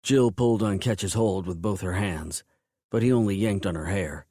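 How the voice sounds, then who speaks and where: A man narrating a first-person romance audiobook in a low, intense, measured way. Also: warm tone, no room sound, studio quality.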